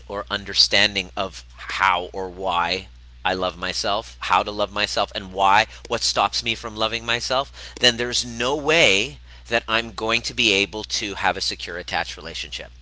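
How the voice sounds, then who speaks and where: A man's voice: fairly low pitch, moderate pace, pushed and bright, low-quality recording. A man hosting a casual livestream, speaking candidly and emphatically, swearing freely and repeating points to drive them home. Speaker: host of a livestream on self-love and healing.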